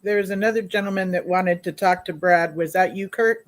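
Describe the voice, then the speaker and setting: Man, co-host, high pitch, moderating. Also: brisk. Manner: moderating callers. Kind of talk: call-in talk show.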